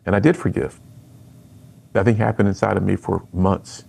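A man's voice: deep voice, fairly even intonation, moderate pace, creaky, darkish tone, breathy edge. A middle-aged man, a speaker and author, telling his personal story earnestly in an interview.

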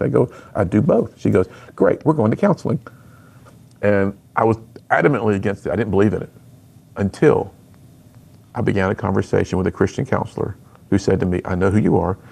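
Gravelly-voiced man telling his story. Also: fairly low pitch, a little mellow. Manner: earnest storytelling, acts out quoted dialogue. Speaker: youth speaker and author. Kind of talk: personal testimony in an interview.

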